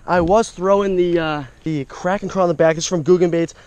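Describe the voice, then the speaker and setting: A man's voice: sits high, steady tone, fairly quick, a little mellow, clean tone, highs cut off. A young man vlogging his fishing trip outdoors by a creek, talking into an action camera and exclaiming over each catch. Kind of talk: casual outdoor commentary.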